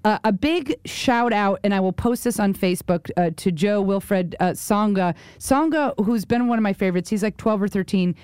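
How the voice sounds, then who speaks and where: A woman co-hosting a casual chat show, telling animated stories with quick asides and repeated words. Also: medium pitch, smooth, no room sound, clean studio sound. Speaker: co-host.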